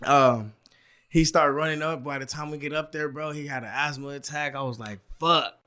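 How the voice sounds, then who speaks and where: A young man from San Pedro, California, telling a story in slangy casual chat, animated and full of "bro" and "like". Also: a little high, normal speed. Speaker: podcast guest.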